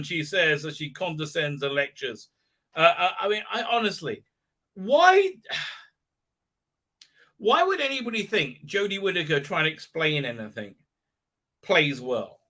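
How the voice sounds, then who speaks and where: A man's voice: on the high side, animated, unhurried, pushed and bright. A man recapping a show on a live stream, mocking it and acting out the characters in silly voices, with many fillers.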